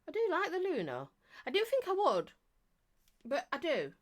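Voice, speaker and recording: A woman's voice: high-pitched, wildly swooping pitch, normal speed. A woman hosting a live stream, chatting casually and rambling as she greets viewers and laughs often.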